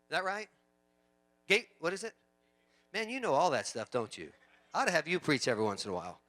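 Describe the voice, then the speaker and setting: A male pastor preaching a sermon, swinging from loud emphatic lines to quiet storytelling, with chatty asides and repeated words. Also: a little high, wildly swooping pitch, quick pace.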